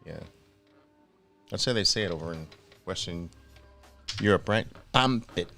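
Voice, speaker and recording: A man's voice: deep voice, normal speed, bright, forceful tone, soft background music. A man hosting a live online trading presentation, energetically hyping his viewers with repeated rallying calls before settling into explaining. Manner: greets viewers by place names, then settles into explaining.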